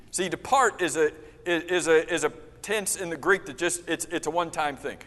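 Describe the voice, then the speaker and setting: A man teaching an interactive Bible class, explaining Greek tenses and repeating key words for emphasis. His voice sits fairly high for a man. It rings out through a church room with long reverb. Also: moderate pace, few pauses, sharp tone. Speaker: preacher leading a Bible class.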